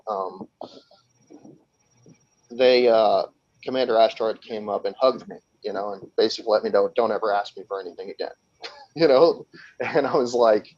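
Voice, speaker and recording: A man's voice: lowish voice, breathy edge. Rambling man telling a strange story. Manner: rambling, with frequent restarts and laughs, acting out quoted voices. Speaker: podcast guest. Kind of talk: casual storytelling. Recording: slightly dull lo-fi sound.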